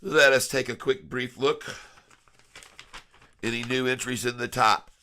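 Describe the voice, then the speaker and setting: Bright-voiced congested man talking stocks. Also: mid-range voice, fairly even intonation, measured pace. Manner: folksy, chuckling, addresses viewers as folks. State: stuffed up nose. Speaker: stock trading vlogger. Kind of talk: casual screen-share commentary.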